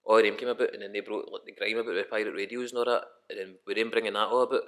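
A man's voice: on the low side, fairly even intonation, rapid-fire, a bit bright. A young Scottish man, a rapper guest on a podcast, talking in a rambling, casual way and swearing often. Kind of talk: casual chat.

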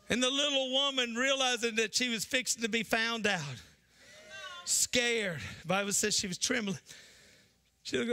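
A man preaching a sermon as pastor. He shouts in bursts, drops low, and acts out the people in the story. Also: lively intonation, measured pace, pauses often.

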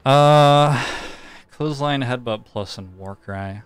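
A man streaming a card game, relaxed, thinking aloud and explaining his choices at length. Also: medium pitch, slow, clear, resonant tone, no echo, faint music behind. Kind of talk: casual live-stream gameplay commentary.

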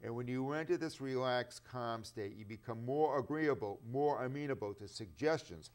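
A man's voice: mid-range voice, expressive, moderate pace. A man appearing as a hypnotist guest on a studio talk show, explaining his work casually, listing examples and slipping in jokes. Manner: explanatory, joking, lists examples. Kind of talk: casual interview chat.

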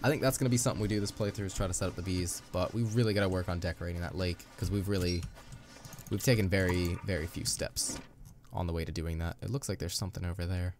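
A man's voice: deep voice, fairly even intonation, fast, darkish tone. A young man giving casual, chatty commentary while playing a video game, upbeat with playful asides. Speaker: let's play host. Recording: music playing underneath.

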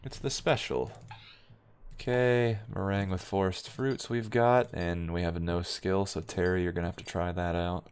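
A man's voice: deep voice, steady tone, unhurried, clean tone. A young man giving offhand, wry let's-play commentary as he plays a game, muttering remarks to himself. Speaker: gaming video host.

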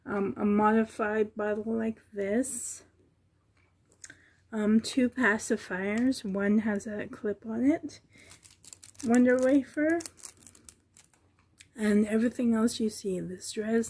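A woman at home on the floor, showing a doll she is selling, talking softly with many ums and a little out of breath. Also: medium pitch, fairly even intonation, takes it slowly, pauses often, slightly rough. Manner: soft, cooing over the doll, with many ums. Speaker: reborn doll seller. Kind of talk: casual show-and-tell vlog.

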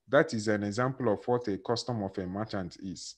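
A man's voice: lowish voice, brisk, hardly any pauses. A man with a Nigerian accent lecturing on law, telling stories and acting out dialogue with his class. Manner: animated, acts out dialogue and questions students.

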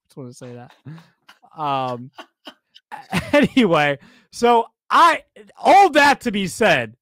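A man co-hosts a baseball podcast with a slightly high voice. His talk is animated and rambling, and he repeats himself often. The sound is close and dry, with no room echo. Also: slow. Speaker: podcast co-host. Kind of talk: casual sports chat.

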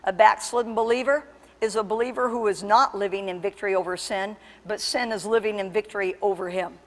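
A woman pastor preaching a sermon with impassioned, emphatic delivery that surges to loud peaks. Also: medium pitch, fairly even intonation, a little fast, in a large hall. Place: church sanctuary.

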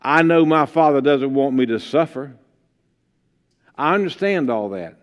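A male preacher voicing God as a calm, gentle figure who speaks softly and slowly. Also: medium pitch, clear, resonant tone, big-room sound, natural voice. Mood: hushed tender. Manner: hushed, tender, slow. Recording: dull lo-fi livestream sound.

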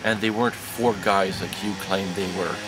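A man with a French accent speaking earnestly to the camera in a measured way, with fillers. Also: deep voice, fairly even intonation, loud music behind the voice, poor audio. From Saint Pierre and Miquelon. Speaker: columnist and documentary presenter. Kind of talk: casual address to camera.

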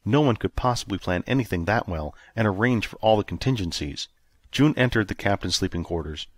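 A man narrating an audiobook in a steady, even storytelling manner. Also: fairly low pitch, brisk, dry recording. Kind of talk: scripted narration.

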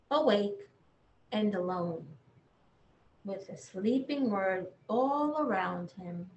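A woman librarian reading a bedtime picture book aloud, gently talking to young children in an echoey room. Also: mid-range voice, a little hiss or hum. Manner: gentle, sing-song, talks to children.

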